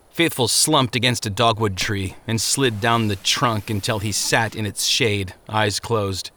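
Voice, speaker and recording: A man narrating an audiobook chapter with expressive, vivid storytelling. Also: fairly low pitch, a little slow, few pauses.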